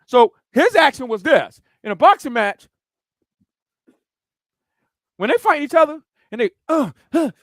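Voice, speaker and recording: Man, pastor, animated sermon, high voice, dry recording. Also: normal speed, no echo. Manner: animated, acts out scenes and sounds. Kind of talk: preaching a sermon.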